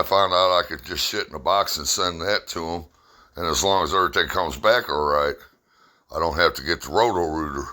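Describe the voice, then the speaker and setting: A man's voice: deep voice, fairly quick, sharp tone. A middle-aged man telling a personal story in a plainspoken, rambling way with blunt humor.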